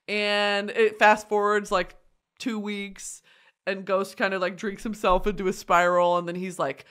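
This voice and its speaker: A woman vlogger retelling a story casually, swearing freely, laughing and shouting at times. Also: medium pitch, unhurried. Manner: animated, profane, breaks into laughter and shouts.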